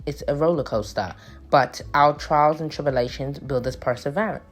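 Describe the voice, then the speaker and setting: Low husky woman in a put-on British accent. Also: normal speed, faint music behind. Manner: rambling, filler-heavy, preachy asides. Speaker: nail artist. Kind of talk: casual chat over a nail tutorial.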